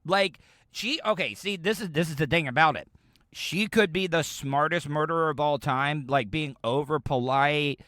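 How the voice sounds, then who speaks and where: A man's voice: on the high side, moderate pace, bright, forceful tone, dry recording, studio quality. A man from the United States hosting a podcast, rambling casually as he reacts to audio clips. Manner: rambling, chatty, frequent restarts. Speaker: podcast host.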